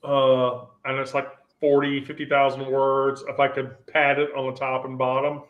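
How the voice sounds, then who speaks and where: A man hosting a relaxed group chat, rambling and often restarting his sentences. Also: mid-range voice, normal speed, narrow, tinny audio. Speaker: host. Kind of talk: casual chat.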